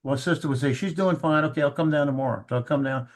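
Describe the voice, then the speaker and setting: Storytelling man with a slightly high voice. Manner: halting, repeats words, acts out quoted voices. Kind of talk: casual storytelling chat.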